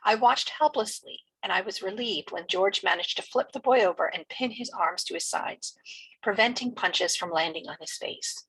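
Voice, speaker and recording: A woman teacher reading a novel chapter aloud in a steady storytelling manner. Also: medium pitch, normal speed, husky, low-quality recording.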